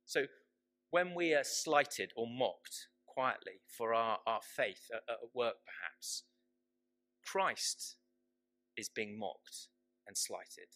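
Male preacher, bright clear tone, unhurried sermon with emphatic repeats. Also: mid-range voice, animated. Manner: slow, emphatic, repeats key phrases.

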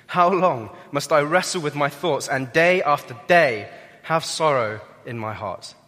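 Earnest young preacher in a reverberant hall. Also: male voice, medium pitch. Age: young adult. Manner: earnest, emphatic, rises and drops in loudness. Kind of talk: sermon.

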